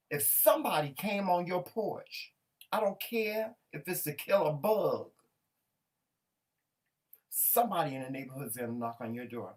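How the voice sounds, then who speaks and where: A man co-hosting a casual talk show, animated and colloquial, often laughing as he tells stories. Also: fairly high pitch, moderate pace. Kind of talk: casual chat.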